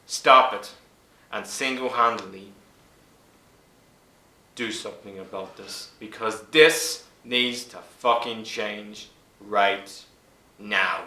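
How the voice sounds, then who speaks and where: A man's voice: lowish voice, fairly even intonation, slow pace, pauses often, sharp tone. Furious swearing young man. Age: 20s. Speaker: YouTuber. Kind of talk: angry vlog rant. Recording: echoey room.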